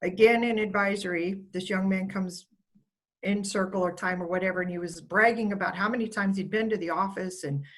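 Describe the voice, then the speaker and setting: A woman's voice: medium pitch, steady tone, a little fast, poor audio. Woman on a zoom call telling stories about a student, kind and storytelling, medium voice. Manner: warm storytelling, quotes the student fondly. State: getting emotional. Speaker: school staff member giving an award speech. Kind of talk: heartfelt speech on a video call. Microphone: video call.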